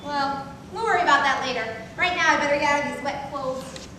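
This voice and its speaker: A woman's voice: high-pitched, fairly quick, noisy background, natural voice. A young woman playing a brash, chatty swamp princess in a school stage musical, heard from far back in an echoey hall with an audience. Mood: blunt.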